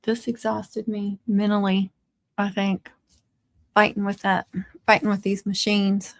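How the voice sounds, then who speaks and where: A woman's voice: medium pitch, little pitch movement, measured pace, no echo, clean studio sound. A woman hosting a crafting livestream, chatting casually and teasing her viewers with frequent laughs. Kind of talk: casual live-stream chat.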